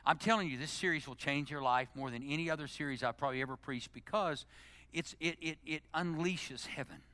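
A middle-aged male pastor delivering a sermon, swinging from loud, emphatic exhortation to hushed, intimate prayer. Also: medium pitch, brisk, no echo. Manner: animated preaching, climbing to loud emphasis then dropping to hushed, intimate prayer.

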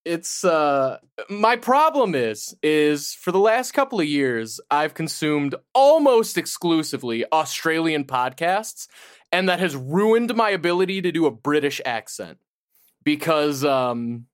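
A man's voice: a little high, sing-song, measured pace, clean tone, no room sound, clean studio sound. A man co-hosting a casual podcast, blunt and opinionated, swearing freely. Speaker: podcast co-host.

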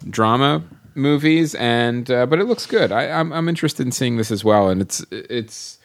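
A man's voice: mid-range voice, expressive, moderate pace, creaky. A man co-hosting a film podcast, joking and agreeing in casual chat. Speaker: podcast co-host.

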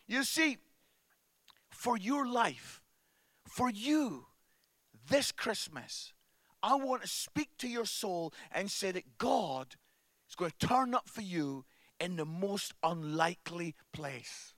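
A man preaching a sermon at a church service, animated, swinging from hushed tones to loud emphasis and often adding "yeah?" at the end of lines. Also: high-pitched, takes it slowly, no room sound.

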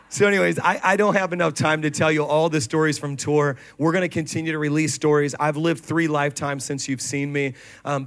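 Animated preaching pastor, fairly high voice. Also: male voice. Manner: animated storytelling with laughs and acted quotes. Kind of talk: sermon. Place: church stage before a congregation.

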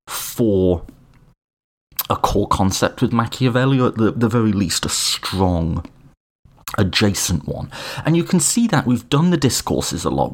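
A man's voice: on the low side, breathy edge. A man giving a casual spoken lecture on political philosophy, with frequent restarts and joking asides to his listeners. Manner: animated, self-correcting, informal asides.

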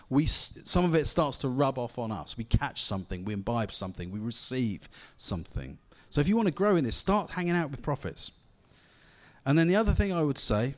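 Lively, high-voiced English preacher. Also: male voice. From England. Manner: conversational, encouraging, with repeated phrases. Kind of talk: sermon. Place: church gathering.

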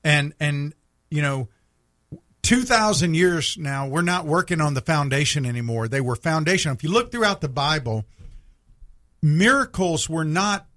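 A man's voice: on the high side, animated, normal speed, fairly bright tone. A man co-hosting a radio show, teaching from the Bible in an earnest, plainspoken way and asking questions to make his points.

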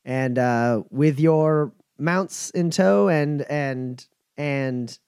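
A man narrating a tabletop game as game master, halting with many fillers. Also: on the high side, a little mellow, clean tone, no echo, studio quality.

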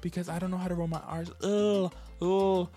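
Podcast co-host, man from Puerto Rico, lively and chatty, slightly high voice, faint music bed. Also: normal speed. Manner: animated, jumps into mocking parent voices. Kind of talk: casual chat.

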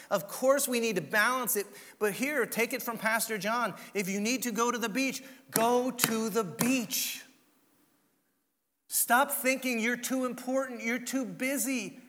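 Casting: male pastor, high bright voice, sermon in a long-echo hall. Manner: dramatic, drops to a hush for emphasis.

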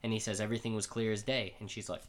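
An excitable man chatting on a podcast, his voice jumping higher whenever he gets into it. A slight lisp from dental aligner trays softens his S sounds. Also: racing, a crowd in the background. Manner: excitable, voice climbs when excited. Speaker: podcast co-host. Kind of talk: casual chat recapping a comic.

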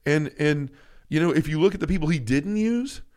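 A man's voice: on the high side, lively intonation, brisk, darkish tone. An earnest man in his thirties, co-hosting a faith podcast, who talks with feeling and often restarts his sentences. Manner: earnest and emotional, many restarts. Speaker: podcast co-host.

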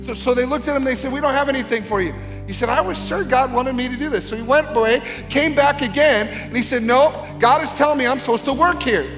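A middle-aged pastor delivers an earnest sermon in a very high voice. His words ring out in a large church sanctuary with a long, trailing reverb. Faint music sits underneath. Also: fast. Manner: earnest, building to shouted exhortation.

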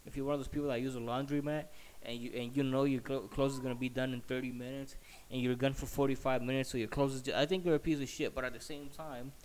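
A man's voice: mid-range voice, flat delivery, fast, a little mellow, a little hiss or hum. A man telling a story in a heated, profane, rambling rant while slightly sick.

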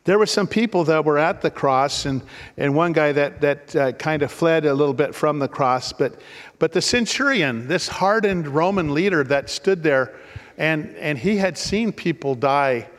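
Pastor guy preaching, kinda high voice, repeats himself a lot, big echoey church. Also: lively intonation, normal speed. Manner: repeats words and restarts, earnest storytelling. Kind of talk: sermon.

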